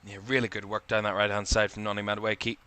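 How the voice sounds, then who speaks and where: A man calls a football match live for a watchalong stream. He rattles off player names in clipped bursts and lifts his voice as attacks build. His tone is bright and his voice crisp and clean, a little tired. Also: lowish voice, level tone, fast talker. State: tired, yawning. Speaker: football commentator.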